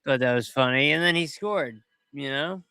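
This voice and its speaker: A man hosting a podcast, talking casually and in a rambling way as he comments over video clips, quick to get excited. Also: medium pitch, smooth, no echo. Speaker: podcast host.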